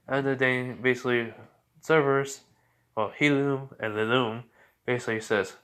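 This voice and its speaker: A man's voice: medium pitch, fairly even intonation, normal speed, fairly bright tone, smooth. A man casually narrating an improvised fan story, rambling with lots of fillers and restarts. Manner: rambling, full of fillers like "well" and "basically".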